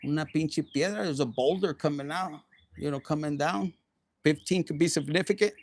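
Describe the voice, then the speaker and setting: A man doing a casual, animated tarot reading, swearing often and slipping into Spanish slang. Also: fairly high pitch, moderate pace. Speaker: tarot reader.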